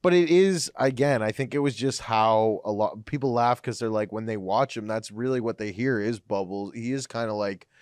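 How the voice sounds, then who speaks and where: A young man with a somewhat low voice, bantering casually on a podcast and laughing between trailing, restarted sentences. The sound is close and dry, with no room around it. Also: moderate pace, few pauses, a little mellow, no room sound. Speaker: comedian guest.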